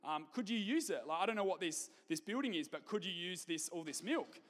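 Preacher playing a hurried, flustered milk driver, Australian, church reverb. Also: male voice, high voice, lively intonation, a bit bright. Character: sweaty flustered male milk-truck driver.

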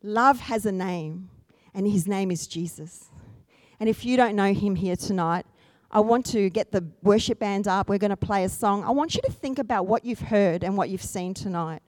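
A woman preaching a sermon, swinging from soft storytelling to loud, high-pitched exhortation. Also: fairly quick, dry recording.

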